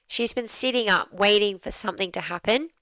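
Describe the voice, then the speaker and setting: A woman's voice: medium pitch, fairly quick, pushed and bright, rough recording. A woman dog trainer giving a conversational commentary on a training video, explaining things through acted-out examples.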